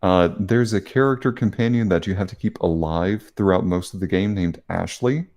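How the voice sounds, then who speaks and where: A man's voice: low-pitched, normal speed, darkish tone. A man co-hosting a podcast in casual chat, giggly and rambling with many fillers. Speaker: podcast co-host.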